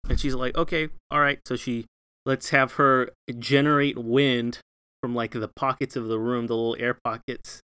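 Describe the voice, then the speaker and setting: A man's voice: medium pitch, flat delivery, normal speed, bright, forceful tone, smooth, dry recording. A man narrating as game master, talking loosely with many fillers and asides.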